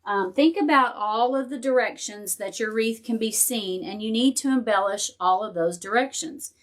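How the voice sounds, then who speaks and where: A woman's voice: on the high side, moderate pace. A woman hosting a casual live crafting tutorial. She thinks aloud as she works and chats with viewers and her dog.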